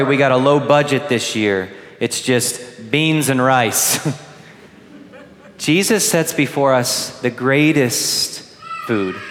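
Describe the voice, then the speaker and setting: A man preaching a gentle homily to first communicants, asking the children questions. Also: medium pitch. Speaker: priest. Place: large church. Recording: long church reverb.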